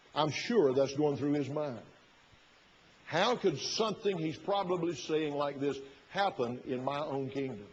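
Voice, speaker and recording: A man's voice: on the high side, expressive, unhurried, a little hiss or hum. Folksy preacher man, lo-fi sermon. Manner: folksy, retells the story with quoted inner thoughts. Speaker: pastor.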